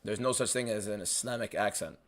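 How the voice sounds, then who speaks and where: Speaking fairly quickly in a fairly low voice, this man from the United States runs a fight watchalong stream. He handles viewer questions in blunt, casual chat and swears a fair bit.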